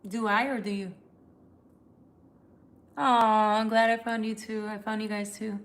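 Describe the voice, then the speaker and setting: A woman's voice: mid-range voice, fairly even intonation, measured pace. A tired woman who reads tarot, chatting candidly and emotionally with viewers on a livestream, swearing casually. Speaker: tarot reader.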